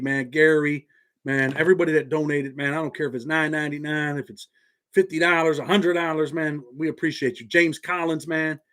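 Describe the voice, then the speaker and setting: A man's voice: fairly high pitch, a bit bright. A man with a Southern accent hosting a live stream from his home office, talking in laid-back street slang. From Indiana. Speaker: channel host.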